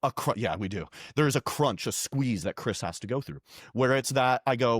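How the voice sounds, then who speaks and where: A young adult man as a podcast guest, telling stories in a lively, slangy way, peppered with "man" and "dude.". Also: mid-range voice, moderate pace, no room sound, studio quality. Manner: animated, slangy, says "man" and "dude" often. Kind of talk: casual conversational interview.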